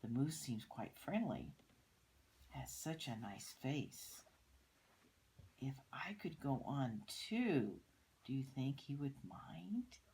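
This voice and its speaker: An older woman voicing a small, polite male spider in a soft, hushed voice. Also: very deep voice, big pitch swings, takes it slowly, pauses often, slight background noise, exaggerated voice, poor audio.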